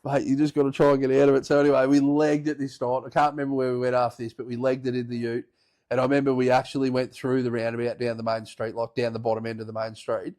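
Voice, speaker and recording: A man with an Australian accent, a podcast co-host casually telling a story in animated, swear-heavy language. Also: mid-range voice, fast talker. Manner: animated, profane yarn-spinner.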